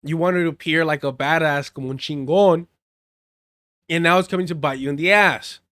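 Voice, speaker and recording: A man's voice: on the high side, steady tone, a little fast, a bit bright, no room sound, studio quality. Heated, profane man ranting on stream. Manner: profane, heated rants between read-out articles; drops Spanish phrases. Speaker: political commentary streamer. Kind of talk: live stream commentary reading news.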